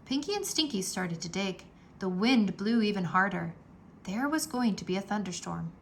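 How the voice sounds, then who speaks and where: A woman reading a children's book aloud in a slow, animated storytelling manner, with a gravelly edge. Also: medium pitch, a little hiss or hum. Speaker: read-aloud narrator.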